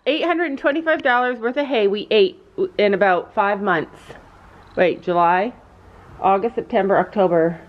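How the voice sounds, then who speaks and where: A middle-aged woman with a mid-range voice and moderate pace chats casually for a family vlog, dramatically recounting a story in a horse barn and cooing at her horses in between. The sound is echoey, somewhat dull, with a faint ambient backdrop.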